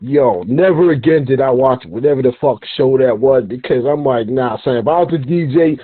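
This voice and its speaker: Husky New York man on a tinny line. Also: mid-range voice, moderate pace. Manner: profane, emphatic, slangy storytelling. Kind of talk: casual hip hop interview chat.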